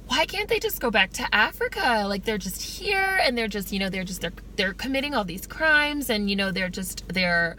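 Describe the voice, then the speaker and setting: A woman's voice: on the high side, pushed and bright, slight background noise. A woman voicing a politely chatty racist white man, breezy and rambling, with a sweet apologetic manner.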